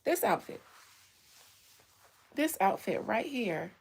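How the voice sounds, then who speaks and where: A woman hosting a casual livestream, telling stories in a candid, animated way with blunt language. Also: fairly high pitch, takes it slowly, creaky, slightly rough. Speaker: real estate agent and livestream host.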